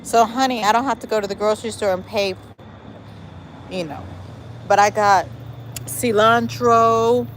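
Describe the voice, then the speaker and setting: A talkative middle-aged woman hosts a casual livestream, walking her garden with a phone in hand. Her voice sits at an ordinary middle pitch, sassy and chatty, calling her viewers y'all and girl. Faint outdoor noise with a passing vehicle hums behind her. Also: a little slow, pauses often, rough recording. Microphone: phone held while walking.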